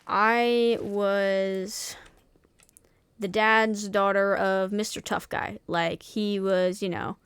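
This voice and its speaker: A woman's voice: medium pitch, fairly even intonation, extremely slow, fairly bright tone, clean tone, dry recording. A young woman streamer in casual chat, talking candidly and swearing freely, with many restarts and fillers.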